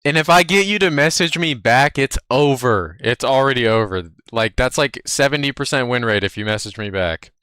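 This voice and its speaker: A man's voice: mid-range voice, animated, moderate pace, few pauses, pushed and bright, clear, resonant tone, no echo, studio quality. A man streaming live, chatting casually in a brash, profane, cocky way. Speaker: livestreamer.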